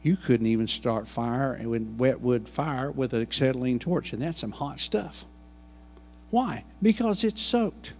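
A man's voice: mid-range voice, fairly even intonation, moderate pace, hardly any pauses, darkish tone, in a large hall. A man preaching a sermon and retelling a Bible story in a folksy way, full of asides and homey jokes. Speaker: pastor. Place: church sanctuary.

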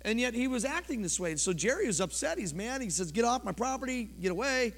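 A pastor preaching a sermon in a church, his delivery impassioned and swinging from loud to quiet. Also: very high-pitched, big pitch swings, fast talker. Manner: impassioned preaching, rising and falling sharply. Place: church sanctuary. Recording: long church reverb.

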